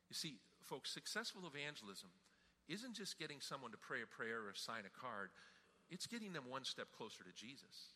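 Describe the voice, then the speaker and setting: A man pastor giving a sermon, telling a story with animated, emphatic delivery. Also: a little high, fairly quick. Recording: hall reverb.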